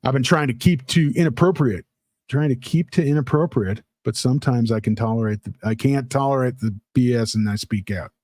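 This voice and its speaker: A man's voice: mid-range voice, a little fast, darkish tone, dry recording. A man hosting a casual livestream, reading out chat comments in a rambling, playful way with lots of fillers. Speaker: livestream host.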